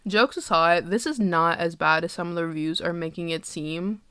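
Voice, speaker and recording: A woman's voice: lowish voice, moderate pace, pushed and bright, clear, resonant tone, dry recording. A woman giving casual movie reviews in a candid, joking, sarcastic way, with profane asides. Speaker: film reviewer.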